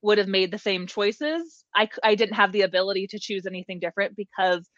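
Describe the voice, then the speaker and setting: A woman's voice: medium pitch, brisk, a bit bright, muffled recording. Candid, rambling woman on a remote call. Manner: candid, rambling, swears lightly. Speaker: regular co-host. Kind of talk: casual live-show storytelling. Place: at home, in a bedroom.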